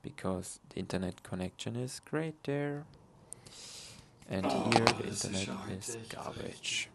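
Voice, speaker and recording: Slow, gravelly-voiced man co-hosting a podcast. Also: on the low side, very noisy. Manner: chatty, laughs off technical trouble. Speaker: podcast co-host. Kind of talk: casual podcast chat. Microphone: online call setup.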